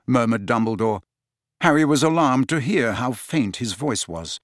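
A man reads a fantasy audiobook in a middle-pitched voice. His delivery is dramatic, with a varied rhythm, and the recording is dry and close. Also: expressive, normal speed, a bit bright, no room sound. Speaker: narrator. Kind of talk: audiobook narration.

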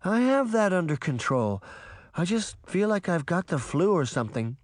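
A man voices a stubborn young girl who insistently brushes off everyone's worry, pitching his voice higher than his own. The delivery is very animated at a moderate pace, recorded in studio quality with no echo.

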